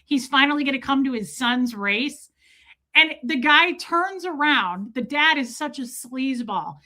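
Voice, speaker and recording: In an unhurried, high voice, a woman runs a relaxed livestream, going through viewer comments. She's chatty, laughs a lot, and tells her stories with plenty of animation.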